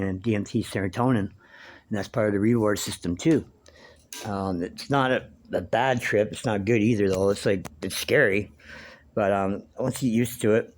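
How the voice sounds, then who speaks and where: Male vlogger, lowish voice, loose profane rambling monologue, heavy on fillers.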